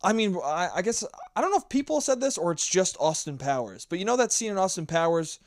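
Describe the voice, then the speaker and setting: Rambling, profane man with a higher voice. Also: sing-song, quick pace, dry recording, clean studio sound. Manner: rambling and profane, self-mocking. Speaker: podcast host. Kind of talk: casual solo podcast monologue.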